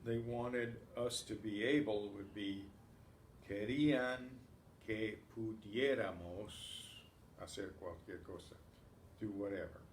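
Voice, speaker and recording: A man's voice: fairly low pitch, slow, a little hiss or hum. A man teaching an advanced Spanish class, patiently explaining grammar and reciting verb forms one by one in drills. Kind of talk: classroom lesson. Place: community class room. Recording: roomy echo, faint ambience.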